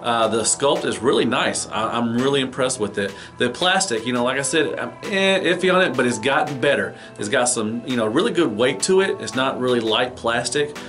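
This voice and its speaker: A man talks through a toy review in a loose, rambling way, leaning on fillers as he goes. His voice sits at a middle pitch, and faint music plays underneath. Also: animated, moderate pace, hardly any pauses. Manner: rambling, full of "you know" fillers. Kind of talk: casual video review.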